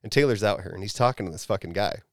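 A man's voice: fairly low pitch, racing, no echo, studio quality. A man hosting a podcast, telling a story in casual chat with lots of swearing and acted-out quotes. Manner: profane, animated retelling with acted quotes. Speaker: podcast host.

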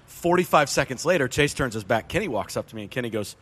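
A man's voice: medium pitch, fast talker, breathy edge. A man hosting a casual beer podcast, telling a story and laughing often. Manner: laughing storyteller, lively delivery. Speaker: podcast host. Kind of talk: casual chat.

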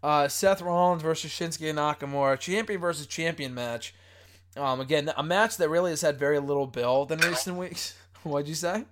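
A fairly high-voiced man hosts a loose, casual podcast conversation. He talks in an excitable rush and keeps cracking up with laughter between thoughts. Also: normal speed, a little hiss or hum. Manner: excitable, often breaks into laughter. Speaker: podcast host. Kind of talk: casual chat.

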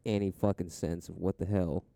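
A man's voice: low voice, little pitch movement, normal speed, vocal fry, dark tone, no echo. A man co-hosting a casual podcast, laid-back and profane, laughing often. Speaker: podcast co-host.

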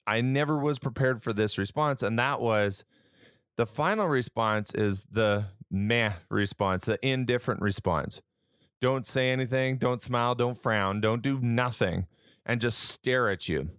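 A man speaks in a relaxed, conversational way, mixing stories with questions aimed at the listener. His voice sits at an ordinary middle pitch. The sound is dry and close, with no echo. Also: unhurried, smooth. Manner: conversational storytelling with reported dialogue; earnest, rhetorical questions to listener. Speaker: speaker on handling conflict. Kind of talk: casual talk.

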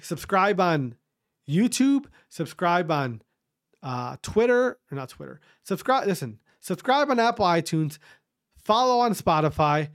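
A man rambles through a solo podcast monologue, blunt and profane. He repeats himself often, and his voice sits slightly high for a man. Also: very animated, unhurried, a bit bright. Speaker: podcast host. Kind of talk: casual ranting podcast monologue.

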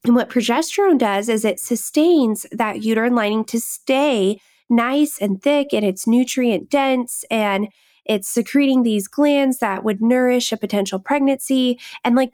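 A woman's voice: fairly high pitch, darkish tone, no room sound, clean studio sound. A woman hosting a faith-based fertility podcast, talking with passion and frequent laughter. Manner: passionate, fervent, laughs often. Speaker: podcast host.

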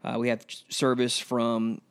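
A man who preaches at a school chapel, telling an interviewer about his sermon series in an earnest way that turns emotional and animated. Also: medium pitch, a little slow, clear, resonant tone. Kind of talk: casual interview storytelling.

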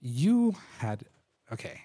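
A man's voice: medium pitch, slow, husky, dry recording. A man hosting a podcast, telling playful, jokey stories in casual chat. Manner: playful, jokey, animated storytelling. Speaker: podcast host. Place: room recording a podcast.

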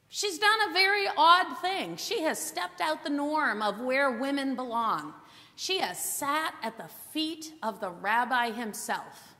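A woman's high, clear voice preaches unhurriedly, telling the story with dramatic pauses. Her bright tone rings out under a long hall reverb. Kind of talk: Bible teaching sermon.

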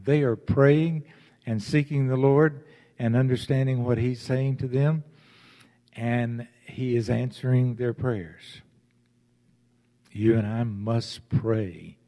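A man's voice: mid-range voice, mellow, big-room sound. A man preaching a sermon as pastor, stressing his points by repeating key phrases.

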